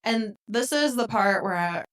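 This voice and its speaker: Woman, podcast co-host, casual movie recap, animated, acts out quotes. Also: on the high side, measured pace.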